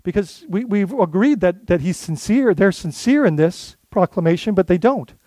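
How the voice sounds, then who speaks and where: A man's voice: sits high, lively intonation, moderate pace, warm tone, dry recording. A man who is a lead pastor, giving an earnest, conversational sermon full of restarts and asides.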